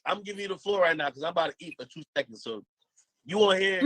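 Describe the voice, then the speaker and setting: A man's voice: sits high, lively intonation, racing, a bit bright, dry recording. A man, hosting a livestream and hyping up his guest in easygoing casual chat. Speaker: livestream host.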